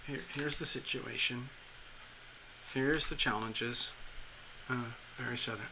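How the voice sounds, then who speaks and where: A man reading tarot live for a viewer, talking in a rambling, animated way with frequent restarts and chuckles. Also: mid-range voice, takes it slowly, vocal fry, pauses often, a crowd in the background. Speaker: tarot reader hosting a live stream.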